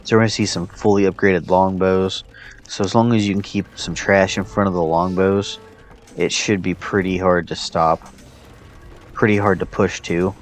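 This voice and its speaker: A man's voice: sits low, little pitch movement, normal speed. A man casually commentating a strategy game he is playing, thinking aloud with plenty of fillers. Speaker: player commentating his own match.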